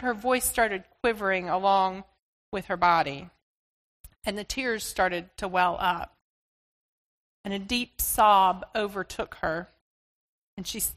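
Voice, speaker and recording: Woman preacher, storytelling sermon, slow and expressive, church reverb. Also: medium pitch.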